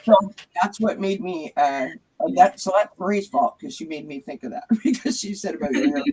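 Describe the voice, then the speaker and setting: Man, talk show host, breathy voice, animated storyteller. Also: high voice, normal speed, poor audio. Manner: lively anecdotal storytelling. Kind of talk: casual chat.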